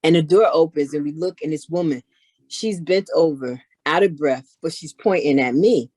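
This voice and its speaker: A middle-aged woman chatting casually as an interview guest, telling animated stories. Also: low voice, moderate pace, no room sound. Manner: animated, acts out others in her stories. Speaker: guest, knitwear maker. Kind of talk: casual storytelling chat.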